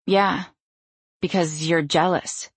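A rebellious young daughter, put on by a woman narrator, indignant and sharp-tongued. Her voice sits higher than the narrator's and carries a husky grain. The delivery stays close and dry, as if read in a small quiet booth. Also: fairly even intonation, slow pace, dry recording. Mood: defiant. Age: young adult.

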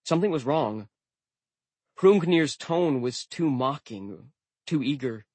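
A man narrating a novel in the first person with a steady, wry, measured delivery. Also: medium pitch, breathy edge, dry recording. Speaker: audiobook narrator.

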